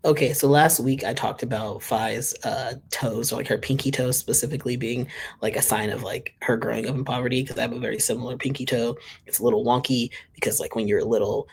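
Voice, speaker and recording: A man's voice: medium pitch, fairly even intonation, fairly quick, creaky, a little hiss or hum. A man hosting a casual reaction channel, chatting and giggling as he reads social media posts aloud.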